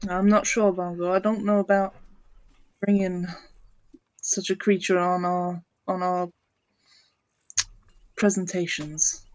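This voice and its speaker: Brief: a man playing a fussy, hesitant adventurer, high and monotone. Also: takes it slowly, pauses often, dry recording, poor audio. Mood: doubtful. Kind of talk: character voice in a tabletop game.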